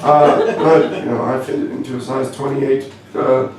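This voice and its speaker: A man's voice: mid-range voice, level tone, measured pace, far from the mic. A young Canadian man doing a stand-up comedy set in a club, wry and self-deprecating, stumbling over fillers as he goes. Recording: echoey club, voice from afar, faint room noise.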